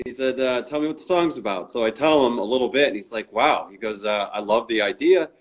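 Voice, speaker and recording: Male interview guest, mid pitch, casual storyteller who acts out quotes and uses lots of fillers. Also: quick pace. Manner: acts out quoted dialogue in his stories; frequent restarts and fillers.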